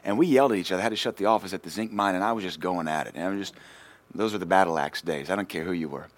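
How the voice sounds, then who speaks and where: A male pastor, preaching a sermon and telling a personal story in a lively way, swinging between loud and quiet. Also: deep voice, rapid-fire.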